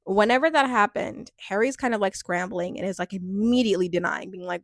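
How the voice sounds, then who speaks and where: A woman's voice: on the high side, animated, fairly quick, no room sound, clean studio sound. A woman giving a casual, chatty recap of a reality show, rambling with lots of fillers and acting out quotes with a laugh.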